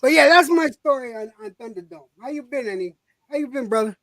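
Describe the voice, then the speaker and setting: A woman speaking bluntly in a casual voice chat, cursing freely but keeping her tone reassuring. Her voice sits a little high, and the recording is dry and close, with no room sound around it. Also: expressive, a little fast, a bit bright, dry recording.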